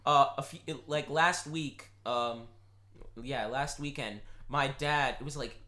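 A young man from Rhode Island hosting a casual podcast chat, telling stories in a loose, profane, animated way. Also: mid-range voice, slow. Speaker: podcast host.

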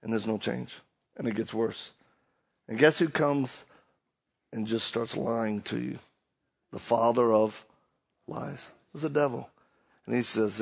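A middle-aged man with a thick Louisiana Cajun accent preaches a sermon, his voice gravelly with fry. He talks in a folksy storytelling way, stumbling and restarting his sentences. His pitch sits in the middle for a man. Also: steady tone, moderate pace. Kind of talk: sermon with humor.

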